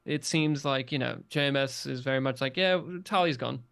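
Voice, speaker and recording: Smooth-voiced man joking on a podcast. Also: medium pitch, a little fast. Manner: animated and joking, acts out quoted lines. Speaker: podcast co-host. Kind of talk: casual podcast chat.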